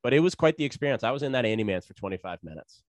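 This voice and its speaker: A man's voice: medium pitch, very fast, dry recording, clean studio sound. A man in casual chat, telling a story and acting out the people in it with a lot of swearing. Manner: animated, acts out quotes with raised voice, swears freely.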